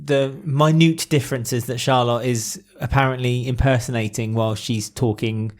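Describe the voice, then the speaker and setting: A man's voice: medium pitch, steady tone. Chatty British man co-hosting a podcast. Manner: chatty, joking, quick asides. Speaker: podcast co-host. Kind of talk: casual chat.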